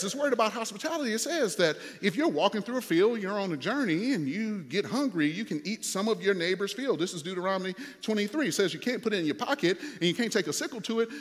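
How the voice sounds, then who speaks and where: A man preaching a sermon as pastor, animated, with playful asides and rising to shouts. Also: sits high, big-room sound.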